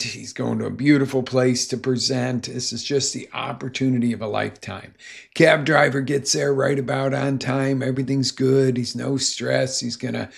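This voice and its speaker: A male life coach giving a motivational talk, his mid-range voice thick with gravel and fry. He speaks emphatically and tells his story with animated energy. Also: medium pitch.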